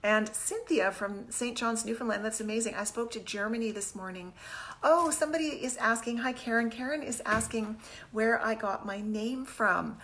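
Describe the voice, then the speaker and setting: A woman's voice: on the high side, moderate pace, fairly bright tone, slight background noise. A woman in her fifties hosting a casual live stream from her home kitchen on a phone camera, chatty and upbeat, greeting viewers as she talks. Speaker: fitness host.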